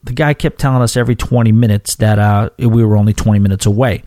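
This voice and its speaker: Podcast host from New York, warm low-key tone, dry close sound, swearing rant with lots of restarts. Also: male voice, quick pace, no echo. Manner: animated, profane ranting with frequent restarts. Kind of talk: casual storytelling monologue.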